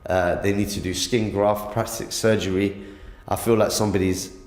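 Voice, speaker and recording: A man giving an emotional first-person account of an attack, halting with many stammered restarts, recorded in a hospital room. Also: fairly low pitch, fairly even intonation, darkish tone, roomy sound. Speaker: interviewee, attack victim.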